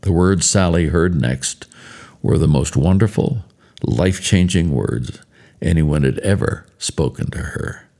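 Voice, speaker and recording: A man in later life giving a spoken devotional, telling stories in a measured, earnest way. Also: extremely low pitch, animated, creaky, warm tone. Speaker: devotional speaker.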